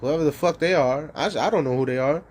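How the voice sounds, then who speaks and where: A man's voice: on the high side, fast talker, a little mellow. A man hosting a livestream in a profane, rambling rant, stopping to search for words and taunting the audience with rhetorical questions. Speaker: livestream host. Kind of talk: ranting livestream monologue.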